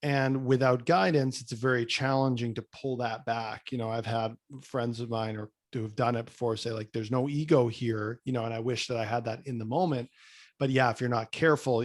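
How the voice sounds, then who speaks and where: Reflective man hosting a podcast. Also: medium pitch. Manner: reflective, shares personal experience, halting restarts. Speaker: podcast host. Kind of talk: podcast interview conversation.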